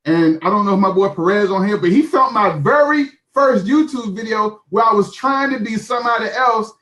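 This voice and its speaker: High, emphatic motivational man. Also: a little fast, bright, forceful tone. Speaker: online marketer sharing his story. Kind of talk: animated talk on a live call.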